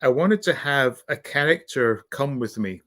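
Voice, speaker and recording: Male live-stream host, rambling and halting, ordinary mid-pitched voice. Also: expressive, a bit bright. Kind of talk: casual live-stream chat.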